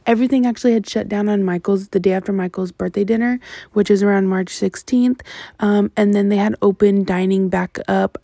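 A woman's voice: medium pitch, steady tone, fairly quick, vocal fry, mellow, dry recording. A young woman vlogger narrating a casual year recap over her clips, chatty and rambling with many ums and self-corrections.

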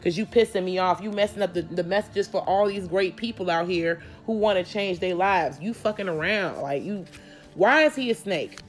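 A woman's voice: lowish voice, moderate pace, soft background music. A woman doing a casual tarot reading, talking bluntly and confrontationally with lots of swearing. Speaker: tarot reader.

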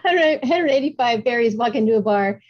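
A woman playing an improv joke game on a video call, bubbly and excited as she tells her bar joke. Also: a little high, brisk. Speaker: improv player. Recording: dull lo-fi video call audio.

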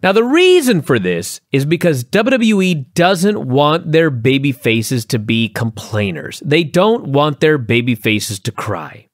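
A wrestling review podcast co-host rants animatedly in casual chat, his unhurried voice swinging widely in pitch. The recording is dry, with clean studio sound.

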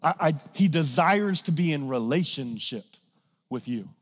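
A man preaching a sermon in a church, conversational and energetic, swinging from casual asides to loud emphatic peaks. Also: a little high, a little slow, big-room sound. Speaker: pastor. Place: church sanctuary.

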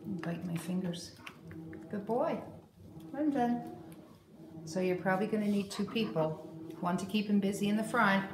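A woman dog trainer explaining a grooming-table exercise, breaking into loud, excited praise and cues for the dog. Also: medium pitch, moderate pace, long pauses, background noise. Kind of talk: hands-on training demo.

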